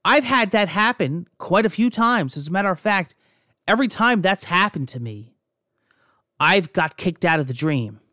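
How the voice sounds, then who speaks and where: A young man from New Jersey tells his stories casually, cursing freely and restarting his sentences as he goes. His voice sits on the higher side for a man. The recording is dry and close, with no room sound. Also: expressive, moderate pace, pushed and bright, dry recording. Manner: rambling, profane, frequent restarts. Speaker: podcast host. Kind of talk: casual personal storytelling.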